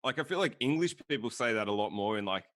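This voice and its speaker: A man's voice: medium pitch, lively intonation, fast, a bit bright, no room sound. An Australian man from Australia, a podcast guest chatting in an easygoing way and laughing often. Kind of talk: casual chat.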